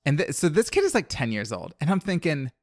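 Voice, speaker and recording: Fast and fairly high-pitched, with big swings in pitch and no echo, this New Orleans man co-hosts a podcast recapping a horror film. His chat is casual and profane, punctuated by frequent laughs and filled with fillers.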